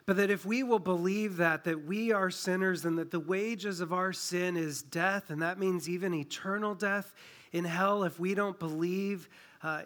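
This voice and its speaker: A middle-aged man preaching a sermon as a pastor, earnest and unhurried, slowing down to dwell on quoted verses. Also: fairly high pitch, a bit bright. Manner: earnest, slows down to stress scripture quotes.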